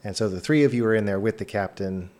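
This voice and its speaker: A man with a very low voice runs a tabletop game as game master. He describes each scene in a calm, measured and detailed way.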